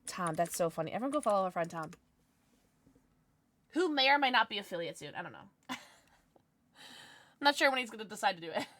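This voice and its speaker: A woman streamer chatting casually during a gameplay livestream, reacting loudly and reading chat aloud. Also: mid-range voice, fairly quick, pauses often. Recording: steady background noise.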